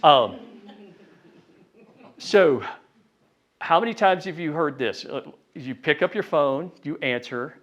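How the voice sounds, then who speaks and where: A man giving a live sales training talk to a room, lively and conversational, acting out phone calls in quick voices. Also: on the high side. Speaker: real estate sales trainer. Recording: dull lo-fi sound.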